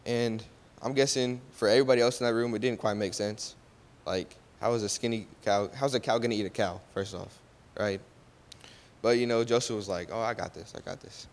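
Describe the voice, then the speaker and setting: A man's voice: on the low side, fairly even intonation, fairly quick. A man casually retelling a Bible story, often checking in with his listeners and correcting his own slips. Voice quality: loose and conversational, often checks with "right?" and corrects himself. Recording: long hall reverb.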